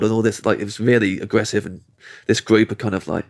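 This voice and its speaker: An English comedian telling a long anecdote as a podcast guest, acting out the people in it and laughing mid-sentence. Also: male voice, lowish voice, quick pace, creaky. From England. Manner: animated, acts out quoted voices, laughs mid-sentence. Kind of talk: storytelling anecdote.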